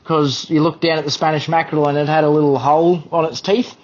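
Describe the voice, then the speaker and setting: A young man, a podcast guest, telling a fishing story in an animated, self-deprecating way. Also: a little high, fast, lo-fi sound. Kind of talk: casual storytelling.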